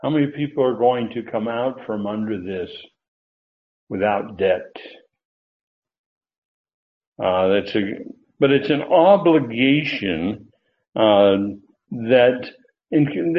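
A man's voice: mid-range voice, expressive, slow, long pauses. Man, pastor, expository sermon, teacherly, emphatic lifts, tinny phone-line audio. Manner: teacherly, stresses key words with sudden lifts.

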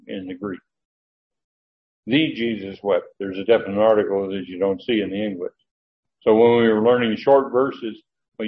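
A man's voice: medium pitch, a little hiss or hum. A man teaching scripture in a conversational, meandering manner with frequent fillers. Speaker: Bible teacher. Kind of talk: sermon. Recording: dull lo-fi recording with faint ambience.

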